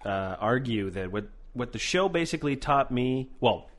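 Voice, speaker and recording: A man co-hosting a casual chat show, animated and profane, raising his voice for emphasis. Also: medium pitch, moderate pace. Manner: animated, swears a lot, shouts for emphasis. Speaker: podcast co-host.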